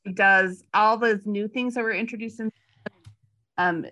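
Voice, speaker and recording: A woman's voice: mid-range voice, fairly even intonation, a little slow, pushed and bright. A woman in a casual film discussion, hesitant and giggly, often searching for words. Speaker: podcast co-host.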